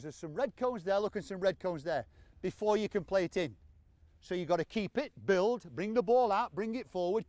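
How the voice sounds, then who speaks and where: High-voiced man coaching a football drill. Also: darkish tone, dry recording. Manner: brisk, encouraging, calling out commands to players. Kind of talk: on-pitch coaching session. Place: outdoor football training pitch.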